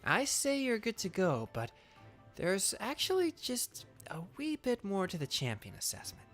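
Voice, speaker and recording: A man voicing a cool, teasing woman league judge in a lower, soft put-on voice with a put-on accent. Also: wildly swooping pitch, normal speed, soft background music, exaggerated voice.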